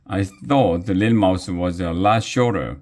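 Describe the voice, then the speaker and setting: A man's voice: sits low, slow. A man doing a huffy schoolboy, complaining, storybook voice. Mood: indignant. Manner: yelling, indignant. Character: indignant schoolboy.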